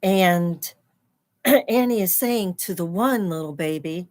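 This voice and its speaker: A woman's voice: lowish voice, moderate pace. A woman teaching children as she reads a picture book aloud, explaining words and gasping and exclaiming at the pictures. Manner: animated, explains terms, gasps and exclaims at pictures.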